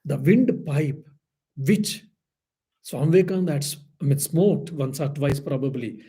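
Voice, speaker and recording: A monk gives an earnest spiritual lecture built around stories, his voice fairly high, warm and a bit breathy at a normal speed. He restarts often and leans on "I mean."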